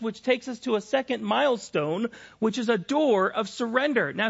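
A man's voice: high-pitched, vocal fry, dull audio. A middle-aged man preaching a sermon, telling personal stories candidly with frequent restarts and repeated phrases. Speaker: pastor.

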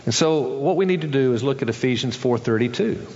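A man's voice: expressive, brisk, a little mellow, in a large hall, dull audio. A male pastor preaching a sermon, acting out the people in a parable with changes of voice. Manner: acts out characters in a story, shifting pitch for each.

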